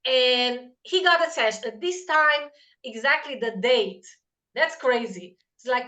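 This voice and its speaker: Woman podcast host, higher-pitched voice, chatty and animated, plenty of fillers, acts out quotes. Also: moderate pace. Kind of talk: casual storytelling chat.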